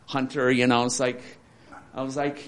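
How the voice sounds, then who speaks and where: A man in his sixties giving a candid, rambling personal testimony with dark humor, often restarting his sentences. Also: mid-range voice, flat delivery, normal speed. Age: 60s. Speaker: interviewee. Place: support center.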